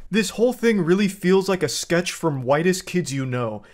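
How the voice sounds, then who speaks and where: A man giving sarcastic, animated reaction commentary on a clip. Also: high-pitched, moderate pace.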